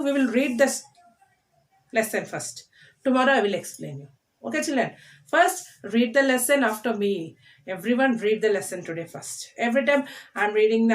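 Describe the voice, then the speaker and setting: A woman teaching a class to children, drilling words letter by letter and reading a lesson aloud with a coaxing tone. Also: high-pitched. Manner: drills words slowly, spells them letter by letter; coaxing, asks "okay, children?" often.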